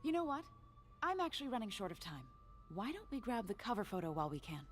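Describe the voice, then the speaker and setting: A formal, guarded auction house host from a video game. Her pitch moves in a lively way as she stays polite and deflects questions. Faint music plays underneath. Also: fast talker. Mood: evasive. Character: evasive female auction house host, polished and nervous. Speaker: game character.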